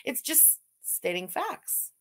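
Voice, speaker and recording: A woman's voice: fairly high pitch, big pitch swings, slow pace, a bit bright. A woman with a Montreal English accent doing blunt, mocking reaction commentary.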